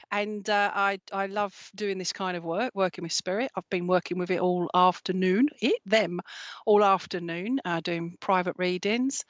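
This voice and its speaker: A woman hosting a live stream as a spiritual medium, chatting casually and greeting viewers warmly with many ums and endearments. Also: medium pitch, no room sound. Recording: dry, slightly dull sound.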